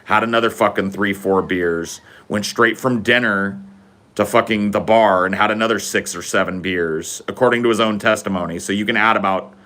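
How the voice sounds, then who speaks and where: Speaking at a moderate pace with a sharp tone and fairly even intonation, this man's voice sits on the low side. He's a podcast host recording a casual solo episode outside while having a smoke before heading in, blunt, sardonic, and swearing plenty.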